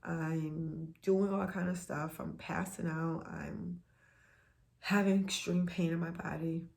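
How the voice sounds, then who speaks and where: An earnest woman talks straight to her viewers in a casual vlog, her low voice gravelly with fry. She repeats phrases for emphasis and often sinks to a soft near whisper. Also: steady tone, slow pace. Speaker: vlogger sharing a health journey.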